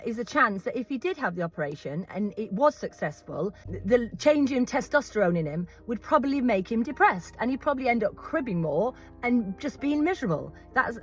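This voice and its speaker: A woman's voice: mid-range voice, husky. A middle-aged British woman who owns horses, talking straight to camera in a firm, emphatic way that repeats her points. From Britain. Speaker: horse owner. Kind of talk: vlog monologue.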